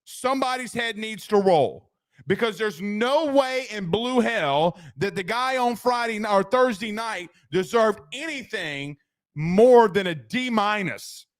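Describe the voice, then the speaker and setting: A man's voice: high voice, animated, measured pace, dry recording, clean studio sound. A man hosting a casual postgame sports talk show, ranting animatedly and reading out viewer comments.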